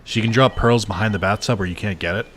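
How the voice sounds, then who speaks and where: A man's voice: on the low side, fast talker, fairly bright tone, slight background noise. A man chatting casually while streaming a game, swearing freely and answering his chat. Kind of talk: casual gameplay commentary.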